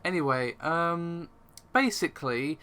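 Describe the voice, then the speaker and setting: A man's voice: fairly high pitch, a little slow, pushed and bright, clear, resonant tone. A man hosting a casual tech podcast, wry and often laughing as he tells a story. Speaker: podcast host.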